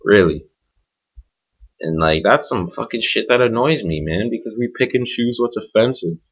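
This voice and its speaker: A man's voice: lowish voice, animated, normal speed, fairly bright tone, husky. A man hosting his own podcast, talking off the cuff in a blunt, profane, rambling solo rant. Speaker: podcast host. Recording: dull lo-fi home recording.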